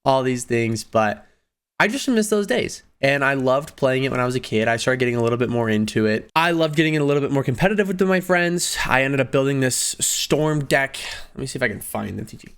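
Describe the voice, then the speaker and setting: A man in his twenties telling personal stories in a casual vlog, animated, laughing often and jumping up in pitch on emphasis. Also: fairly quick, smooth. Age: 20s. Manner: animated, laughing storyteller with sudden pitch jumps. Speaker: video creator.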